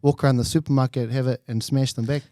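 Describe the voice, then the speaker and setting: A man's voice: mid-range voice, steady tone, fast, mellow, no room sound. A New Zealand man in his twenties, co-hosting a podcast and telling a crude story with lots of laughter. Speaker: podcast co-host. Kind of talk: casual banter.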